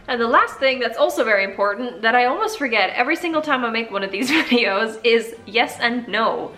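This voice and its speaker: A woman's voice: on the high side, animated, fairly quick, few pauses, sharp tone, soft background music. A woman vlogger talking casually and playfully as she teaches basic phrases, often laughing. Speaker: language vlogger. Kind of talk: casual tutorial chat.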